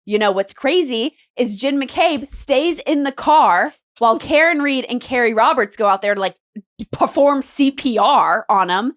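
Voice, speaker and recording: Woman, higher voice, breathless true-crime storyteller on a chat podcast. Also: lively intonation, moderate pace. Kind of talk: casual chat.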